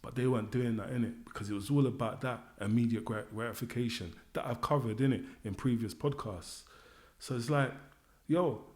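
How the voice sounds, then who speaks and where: Man in his thirties, solo podcast host, candid and rambling, slangy fillers, mid-pitched. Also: brisk, darkish tone. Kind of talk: reflective solo podcast monologue.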